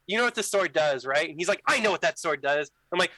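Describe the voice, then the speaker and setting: A young man telling a story in casual chat, animated, acting out the dialogue with lots of "like" fillers. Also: a little high, a little fast, dry recording, low-quality recording. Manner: animated, acts out quoted dialogue, many "like" fillers. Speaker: podcast guest telling a story.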